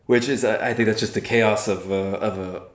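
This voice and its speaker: A man's voice: on the low side, steady tone, normal speed. A man co-hosting a casual book discussion podcast, talking with enthusiasm and laughing often. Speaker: podcast co-host. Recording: roomy echo.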